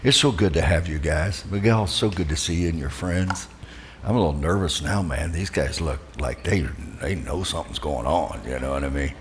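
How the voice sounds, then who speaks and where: A man's voice: rumbling low, moderate pace, a little hiss or hum. A man in his fifties giving upbeat, enthusiastic opening remarks to a church audience, greeting people in the crowd. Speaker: church speaker. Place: church hall, live audience.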